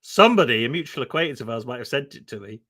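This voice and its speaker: A male guest on a live stream talks rapid-fire in a mid-range voice, chatting casually. He tells stories in a giggly, animated way, laughing a lot.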